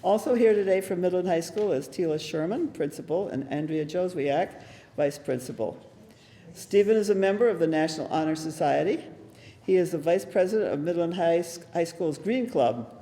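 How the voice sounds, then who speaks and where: A man's voice: fairly high pitch, normal speed. A man acting as emcee, reading award citations at a ceremony. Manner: steady, formal reading. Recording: hall reverb.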